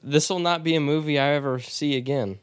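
A man's voice: a little high, a little fast, clear, resonant tone, no echo, studio quality. A young man co-hosting a casual movie review podcast, blunt and offhand, often swearing and laughing. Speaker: podcast co-host.

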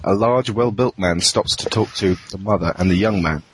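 A man narrating scene directions in a plain, steady way. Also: lowish voice, moderate pace, a little hiss or hum, rough recording.

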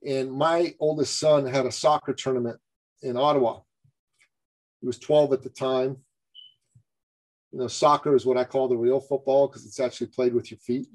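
A man from Canada recounts a personal story as a guest on a business podcast. He is an animated storyteller who slips into the voices of the people he quotes. The sound is dry and close, with no room around it. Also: medium pitch, moderate pace, long pauses, no room sound.

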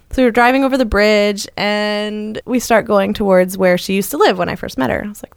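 A woman, co-hosting a podcast and telling a story in a lively chatty way. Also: fast, vocal fry, clean tone, dry recording, clean studio sound. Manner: animated, acts out quoted lines with jumps in pitch. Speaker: podcast co-host. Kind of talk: casual storytelling chat.

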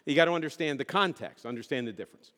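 Recorded in a church sanctuary with long hall reverb, this middle-aged male pastor delivers a conversational sermon full of jokes and questions for the congregation. His mid-range, fairly bright voice is expressive and rapid-fire.

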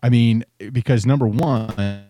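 A man's voice: mid-range voice, a little slow, mellow, faint music behind. A man co-hosting a podcast, trading laid-back wisecracks about sports. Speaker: podcast co-host. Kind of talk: casual sports chat.

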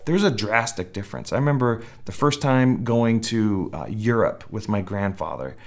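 A man with a fairly low voice delivers a sermon in a relaxed, conversational style. He restarts phrases as he goes and slips into short acted quotes to make his points. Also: moderate pace. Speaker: pastor.

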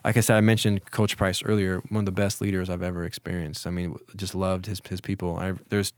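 A man in his forties, a former college football player, telling stories in a relaxed, reflective way during an interview, with many restarts. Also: low voice, brisk, clean tone, no room sound. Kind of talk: casual storytelling in an interview.

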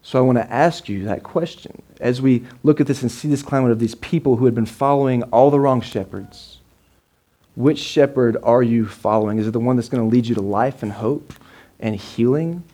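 A man's voice: medium pitch, moderate pace, dark tone. Conversational pastor, man. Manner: conversational, repeats words, keeps checking in with the congregation. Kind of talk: sermon. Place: church service with a live congregation.

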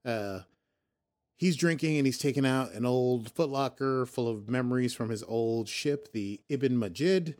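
A podcast host casually recaps a TV episode, rambling, joking and often correcting himself. His voice is medium-pitched, a little slow and a little mellow.

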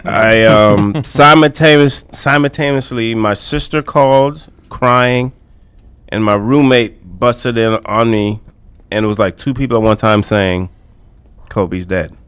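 A man's voice: on the low side, slow, a bit bright, clean tone, dry recording. A man on a radio talk show, telling a story bluntly and profanely with rambling asides. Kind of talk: casual radio chat. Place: radio studio.

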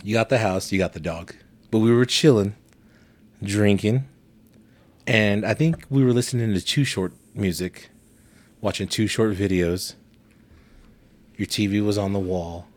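A man's voice: on the low side, a little slow, long pauses. A man in casual podcast chat, telling profane stories with frequent laughter. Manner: profane storytelling, laughs often, animated.

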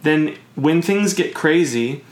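A man's voice: fairly high pitch, expressive, slow pace, a little hiss or hum. Brief: easygoing man, talky and meandering, in a room with noticeable echo. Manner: rambling, uses sailing comparisons, many fillers. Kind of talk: casual podcast chat.

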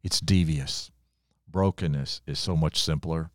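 An older male pastor preaching with a very low voice. He delivers his sermon earnestly, leaning on pauses and slowing down for weight. The sound is dry and close. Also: dry recording. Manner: earnest preaching with dramatic pauses and slowed emphasis.

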